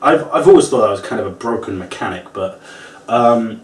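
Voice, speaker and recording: A man's voice: lowish voice, moderate pace. A man giving a casual, ranting wrestling review, swearing often and acting out the moves. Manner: animated, swears often, acts out moves and quotes. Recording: roomy, distant from the mic.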